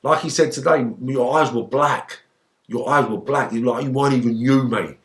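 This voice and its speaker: A man, a guest in an interview, telling a story in lively, swearing style and acting out the lines he quotes. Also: mid-range voice, moderate pace. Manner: animated, swearing, acts out shouted quotes.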